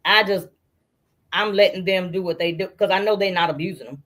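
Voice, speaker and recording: Middle-aged woman telling lively family stories. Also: on the low side, a little fast. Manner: animated storyteller who acts out family members' voices. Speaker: guest. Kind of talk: casual storytelling interview.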